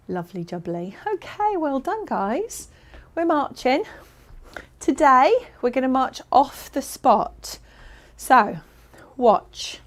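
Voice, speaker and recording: A woman's voice: high voice, sing-song, slow pace. A woman leading a fitness class, giving upbeat, encouraging and playful instructions. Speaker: exercise instructor.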